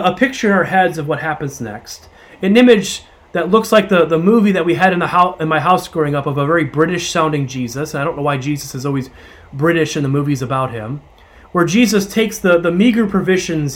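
A man preaching a sermon, retelling a gospel story with voiced asides and slowing down for emphasis. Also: fairly high pitch.

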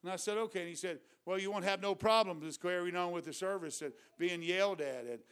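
A man preaching a revival sermon with a drawl. His voice sits high and comes through smooth and clear. He moves from hushed storytelling to loud, fervent exhortation. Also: fast.

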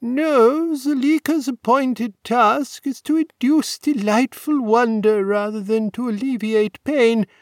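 A man's voice: very high voice, slow pace, hardly any pauses, dry recording, clean studio sound, voice pushed up, exaggerated voice. A man voicing an elderly male college warden, courteous, fussy and apologetic toward a young nobleman, in an audiobook reading.

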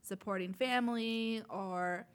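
A woman's voice: medium pitch, slow. A young woman, co-hosting a podcast in casual chat, swearing freely and laughing often. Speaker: podcast co-host.

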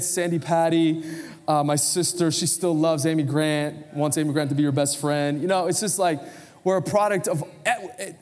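In a large church sanctuary, a pastor in his forties preaches a conversational sermon in a slightly high, darkish voice. He prompts the congregation to answer him and to turn to one another.

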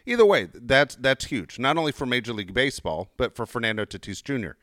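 Quick-talking man running a sports podcast segment. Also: medium pitch, animated, fairly bright tone, dry recording, studio quality. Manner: quick talker, sets up sports topics. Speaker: podcast co-host. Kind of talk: casual chat.

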